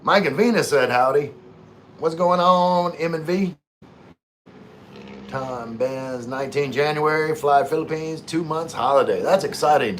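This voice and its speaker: On a casual livestream, a man with a medium-pitched, slightly bright voice reads viewer comments aloud and chats back easily, often repeating words and restarting. There is slight background noise.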